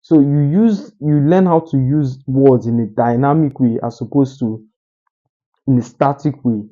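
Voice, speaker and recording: A man talking straight to the camera with deliberate pauses, teaching how to speak more articulately. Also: medium pitch, mellow, muffled recording. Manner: deliberate, uses pauses for emphasis. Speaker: communication coach. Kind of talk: solo talking-head advice.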